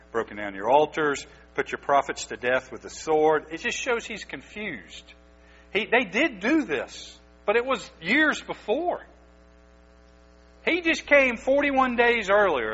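A man's voice: a little high, sharp tone, slightly rough. A man preaching a sermon as pastor, exhorting his listeners with emphatic, urgent delivery. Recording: dull lo-fi recording with mains hum.

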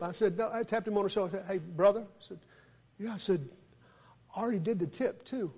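A man with a Southern accent preaches, drifting into a lively story and swinging between quiet asides and loud bursts. His voice sits high for a man. The recording sounds dull and lo-fi. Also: quick pace, husky. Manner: animated, builds from quiet to loud when telling a story. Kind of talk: storytelling sermon.

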